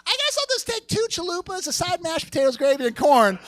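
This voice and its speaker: A stand-up comic acting out an unhinged man who yells at a fast-food counter worker about a secret menu item. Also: very high voice, big pitch swings, no echo, studio quality, voice pushed up, heavily acted. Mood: insistent. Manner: yelling, insistent.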